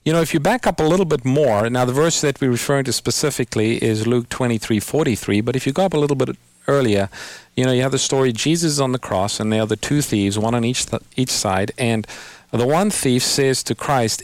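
A man hosting a call-in radio Bible program, patiently explaining scripture and slowing down to quote verses. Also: medium pitch, dry recording. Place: radio studio.

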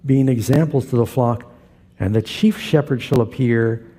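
A man's voice: mid-range voice, normal speed, mellow, slightly rough. A male pastor preaching a sermon, telling stories and acting out the quoted voices.

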